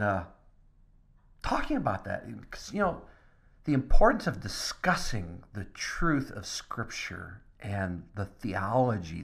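A man, a pastor, giving a podcast devotional talk, dropping to a soft near-whisper at times and lifting into excited bursts. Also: deep voice, gravelly.

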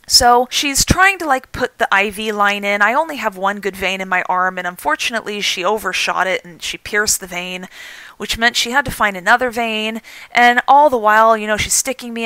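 A woman's voice: mid-range voice, no echo, low-quality recording. A woman in her thirties with an American accent, hosting a podcast and candidly retelling a personal story. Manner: candid, animated retelling with self-deprecating laughs. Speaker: podcast host.

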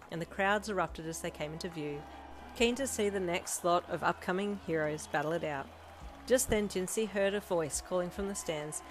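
A woman reading her own fanfiction aloud in an expressive narrating voice. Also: low-pitched, low-quality recording. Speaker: fanfiction reader. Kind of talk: story narration.

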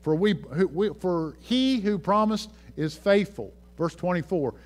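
High-voiced man preaching a sermon. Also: lively intonation, unhurried. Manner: reads scripture aloud, repeats key phrases. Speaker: pastor.

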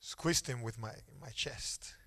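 A middle-aged male pastor telling a story in a sermon with animated, dramatic delivery. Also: medium pitch, slow pace, husky.

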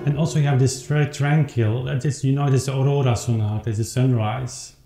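Musician talking in a roomy room. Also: male voice, medium pitch, fairly even intonation, over loud music. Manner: thoughtful, halting, with many restarts while counting beats and playing. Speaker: musician explaining his recording. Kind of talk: informal spoken commentary on a piece. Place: room with his clavichord, playing between remarks. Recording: roomy home recording with instrument. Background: clavichord playing.

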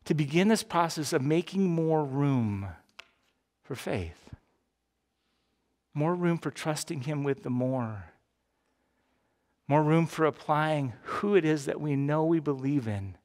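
Emphatic higher-voiced pastor in his fifties. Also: normal speed, darkish tone. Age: 50s. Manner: earnest, rising to emphatic peaks then dropping low. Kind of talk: sermon.

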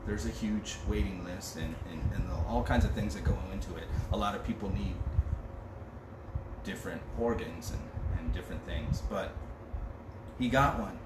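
A man's voice: deep voice, moderate pace. A man preaching a conversational sermon as pastor, joking casually and reading scripture aloud. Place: church. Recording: roomy and distant with background noise.

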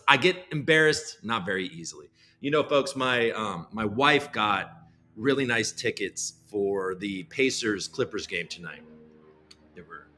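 A man's voice: on the high side, sharp tone. A man hosting a casual live chat show, joking, swearing freely and poking fun at himself. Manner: loose, joking, self-mocking, swears freely. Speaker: host.

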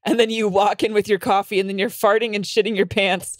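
A woman's voice: medium pitch, flat delivery, brisk, no room sound, clean studio sound. A young woman co-hosting a comedy podcast, teasing her friend playfully and laughing often in casual chat. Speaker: podcast co-host.

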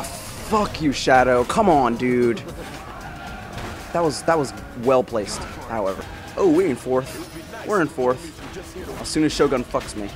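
A man giving casual let's-play commentary, swearing and exasperated as he trash-talks rival racers. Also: mid-range voice. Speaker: gameplay commentator. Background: game music.

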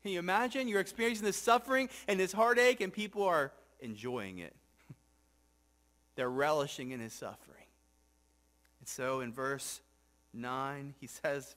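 A male pastor preaching a reflective sermon to a congregation, asking rhetorical questions and often dropping soft and low for scripture. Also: expressive, unhurried, long pauses. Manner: asks the congregation rhetorical questions, frequent "right?". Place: church sanctuary with congregation.

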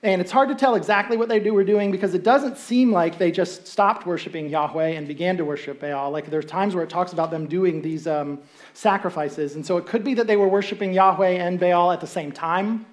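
In a church sanctuary, a pastor delivers a laid-back, conversational sermon, checking in with listeners via rhetorical questions and briefly imitating the voices of people in the story. His voice sits at medium pitch and moves a little fast.

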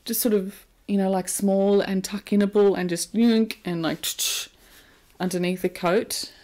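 A woman's voice: medium pitch, level tone, unhurried, darkish tone. Chatty Australian woman knitting vlogger. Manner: chatty and playful, prone to silly asides. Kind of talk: casual chat.

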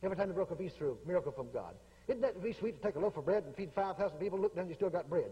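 A male preacher tells stories in a folksy way, repeating his phrases again and again. His voice sits high and swings widely, with a rough, husky grain. The sound carries a long reverb from a large church hall. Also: big pitch swings, fast, a little mellow. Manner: folksy, repetitive, acts out quotes. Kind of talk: sermon storytelling.

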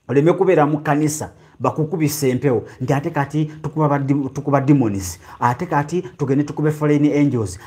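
A man with a Ugandan accent preaching a teaching sermon, drawing out key phrases slowly and then rushing ahead. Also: medium pitch, mellow.

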